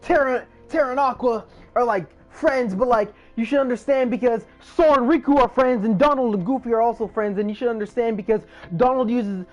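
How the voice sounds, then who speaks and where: A man's voice: extremely high pitch, brisk, hardly any pauses, muffled recording, faint music behind, voice pushed up. A man doing a mocking impression of a friend who rambles through muddled explanations. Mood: rambling. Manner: rambling, breathless.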